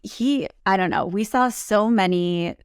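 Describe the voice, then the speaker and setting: A woman co-hosting a casual TV recap, chatting and quoting scenes in lively bursts. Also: medium pitch, a little slow, smooth, no room sound, studio quality. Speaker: recap co-host.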